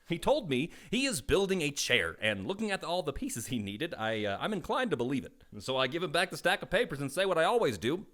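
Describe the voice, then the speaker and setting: A man in his thirties telling comedic stories in an animated, jokey way. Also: on the high side, quick pace, hardly any pauses. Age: 30s. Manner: animated, jokey, playful asides. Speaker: storyteller.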